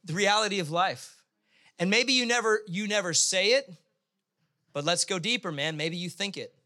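A man preaching a sermon in a casual, humorous way, sometimes acting out quick voices. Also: high voice, bright, forceful tone. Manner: conversational, humorous preaching with sudden bursts of acted voices. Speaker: pastor.

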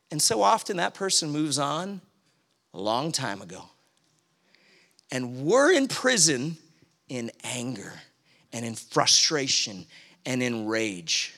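Bright-voiced preacher man, conversational. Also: sits high, creaky. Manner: conversational storytelling, animated when acting out anger. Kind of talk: sermon.

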